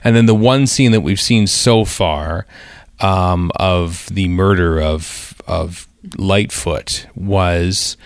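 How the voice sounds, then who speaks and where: A man's voice: low-pitched, smooth, no room sound, studio quality. A man co-hosting a podcast, chatting casually and rambling through his thoughts with lots of fillers and restarts. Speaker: podcast co-host. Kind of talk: casual chat.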